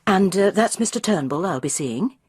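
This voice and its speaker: A woman's voice: medium pitch, lively intonation, moderate pace, a little mellow, slightly rough, no room sound, clean studio sound. A woman reading aloud, voicing a polite, tentative woman sounding people out.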